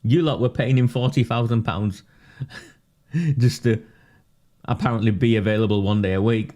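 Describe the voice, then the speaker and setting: A man's voice: mid-range voice, moderate pace, warm tone. A man doing casual live commentary on local politics for his viewers. He talks in a sarcastic, mocking way and often breaks into laughter.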